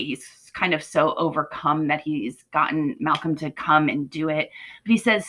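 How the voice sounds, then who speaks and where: A woman teacher talking casually through a play for her students, often checking in with "right?" and retelling scenes in lively paraphrase. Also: fairly low pitch, rough recording. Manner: conversational, asks "right?" often, paraphrases lines in lively quotes.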